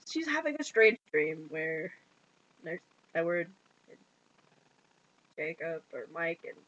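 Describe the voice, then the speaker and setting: A woman's voice: lowish voice, sing-song, a bit bright, lo-fi sound. Giggly woman recapping a film plot. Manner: giggly, acts out lines in quick put-on voices. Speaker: movie reviewer. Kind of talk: casual plot recap with playful voices.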